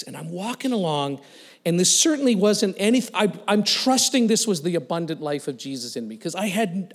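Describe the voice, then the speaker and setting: Man preaching, storytelling sermon, animated and laughing, fairly high voice, long hall reverb. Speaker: guest speaker.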